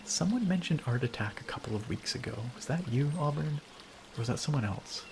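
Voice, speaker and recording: A man's voice: medium pitch, animated, fairly quick, creaky, background noise. A man casually chatting and laughing as he streams a game, rambling between thoughts. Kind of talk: casual gameplay commentary.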